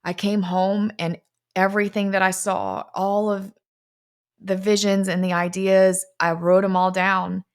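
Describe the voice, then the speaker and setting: Speaking in a mid-range voice with flat delivery, the young founder of a fitness company tells her own story in a confessional, earnest tone, easing her pace on the emotional points.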